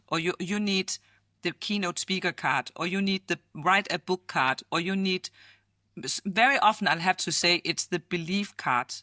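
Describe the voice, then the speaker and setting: A woman futurist guest from Denmark, telling lively stories and acting out quotes with frequent laughter. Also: on the low side, no room sound, studio quality. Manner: animated storyteller, acts out quotes, laughs often. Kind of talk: storytelling in conversation.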